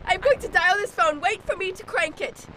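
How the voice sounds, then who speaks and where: A woman doing a shrill frightened tea-shop lady. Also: normal speed, very noisy. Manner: shrill, dramatic, frightened exclamations. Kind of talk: improvised comedy audio play.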